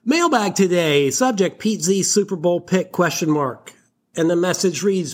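High-voiced man ranting on a comedy podcast. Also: animated, a little slow, darkish tone. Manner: mock-indignant, profane, boastful. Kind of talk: solo comedy podcast rant.

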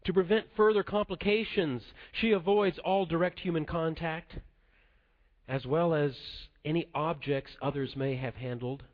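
A man preaching a sermon in a measured, earnest way to a congregation. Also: a little high. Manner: measured, earnest delivery dropping soft at the close. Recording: dull lo-fi sound.

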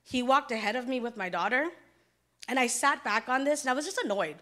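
Bright-voiced woman giving church testimony. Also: high voice, a little fast. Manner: conversational, acts out dialogue, emphatic. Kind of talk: personal testimony.

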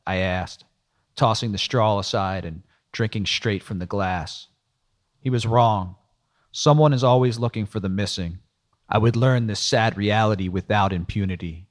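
Low-voiced man, world-weary noir audiobook narrator, dry and wry. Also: fairly even intonation, moderate pace.

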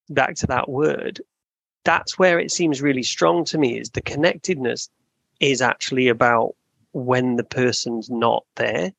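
A male podcast host talking in a reflective, halting way, often restarting his sentences. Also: medium pitch, gravelly, a bit bright, no room sound. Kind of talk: casual conversation.

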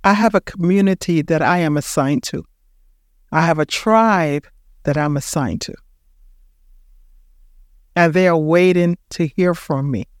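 A woman's voice: on the low side, measured pace, pauses often, dry recording, clean studio sound. A woman in her sixties with a Panamanian accent, hosting a podcast and giving an emphatic motivational talk that repeats its points for emphasis. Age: 60s. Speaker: podcast host.

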